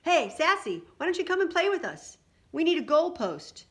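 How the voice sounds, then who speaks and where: A woman reading aloud and voicing a mean boy in a storybook who shouts taunts. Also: extremely high pitch, sing-song, moderate pace, pitched above the performer's own voice, full character voice. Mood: taunting.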